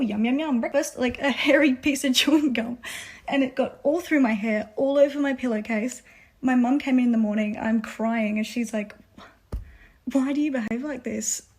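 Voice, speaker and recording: A woman telling an embarrassing childhood story in a wry, self-mocking way. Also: fairly high pitch. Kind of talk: casual storytime video.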